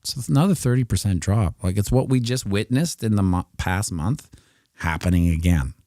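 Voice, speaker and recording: A man's voice: lowish voice, lively intonation, moderate pace, dark tone, dry recording, clean studio sound. A middle-aged man giving casual, rambling live commentary on market charts, joking and muttering asides to himself as he works. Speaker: crypto streamer.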